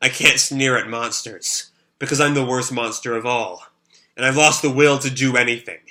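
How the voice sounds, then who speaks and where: Grief-stricken young man, desperate and self-blaming, with a bright, sore-throated voice as a man reading a manga puts him on. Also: mid-range voice, moderate pace, lightly acted. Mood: despairing. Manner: raises his voice and pleads when reading emotional lines.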